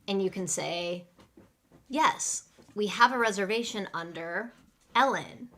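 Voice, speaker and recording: A woman teaching English in a live online class, speaking slowly and clearly and acting out restaurant phrases for learners to repeat. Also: fairly low pitch, fairly bright tone, a little hiss or hum. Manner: slow, clear teaching delivery with role-play lines.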